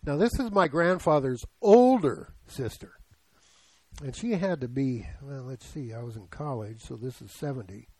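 A man's voice: medium pitch, expressive, normal speed, mellow, slightly rough, no echo, poor audio. A man in his seventies preaching a sermon in a conversational way, often putting questions to the congregation. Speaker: pastor.

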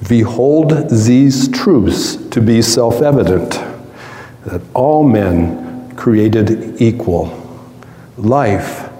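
A preacher doing a quiet old man with an Eastern European accent. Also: lowish voice, animated, echoey room, big-room sound. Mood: calm, solemn. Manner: slow, hushed, deliberate. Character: quiet elderly immigrant man, calm and unshaken.

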